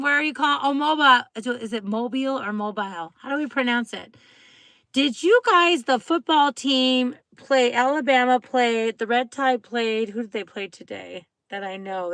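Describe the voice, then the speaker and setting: A middle-aged woman chatting on a late-night live stream, her voice bright and a touch high. She rambles from one aside to the next, laughs often and greets viewers by name. The sound is close and dry, with no room echo. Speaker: livestream host.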